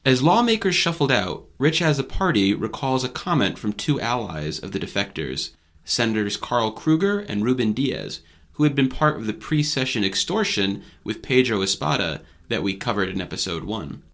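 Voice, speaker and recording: A man hosting a news podcast, reading his scripted narration in a measured, even way. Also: medium pitch. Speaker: podcast host and reporter.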